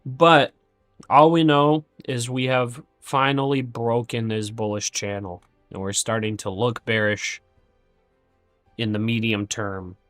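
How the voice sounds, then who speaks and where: A man's voice: mid-range voice, steady tone, takes it slowly, a bit bright, no room sound, clean studio sound, soft background music. A man streaming his day trading live, thinking aloud through figures with candid self-criticism.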